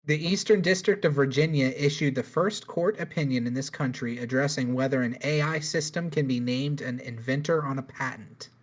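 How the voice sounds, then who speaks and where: A man's voice: mid-range voice, moderate pace, few pauses. A man co-hosting a podcast in casual chat, rambling through a news story with jokes and swearing. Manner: rambling, joking, swears freely. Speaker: podcast co-host.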